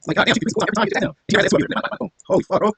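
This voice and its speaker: A man giving live commentary on his own game match, swearing often and swinging from low muttering to loud outbursts. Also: rapid-fire, slight background noise. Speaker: gamer and video creator.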